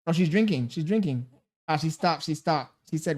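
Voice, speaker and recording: A man's voice: on the high side, a little fast, darkish tone. A man livestreaming casually, coaxing a baby in baby talk, reading viewer messages aloud and bantering with loose, profane slang. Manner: reads viewer messages aloud between remarks.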